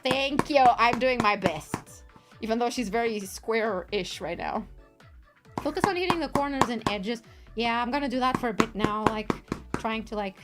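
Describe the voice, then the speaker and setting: A woman streamer chatting casually while crafting on a livestream, giggly, rambling and playful. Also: a little high.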